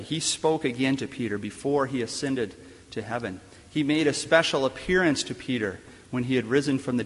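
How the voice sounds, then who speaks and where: A man delivers a sermon in a chapel, pausing deliberately between rhetorical questions. His voice sits in an ordinary middle pitch. The long reverb of the room trails after each phrase. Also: a bit bright. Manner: measured, emphatic preaching with deliberate pauses and rhetorical questions. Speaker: chaplain preaching in a school chapel. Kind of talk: sermon and closing prayer.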